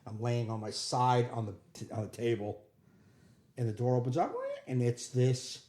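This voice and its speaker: A man's voice: medium pitch, level tone, moderate pace, warm tone. A man co-hosting a comedy podcast, telling a crude story bluntly in casual chat. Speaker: podcast co-host. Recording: echoey room with faint noise.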